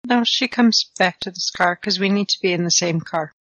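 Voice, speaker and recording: A woman's voice: on the low side, normal speed, a bit bright, dry recording, lo-fi sound. A woman playing a tabletop role-playing game, talking in a matter-of-fact way. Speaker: player. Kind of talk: casual tabletop game play.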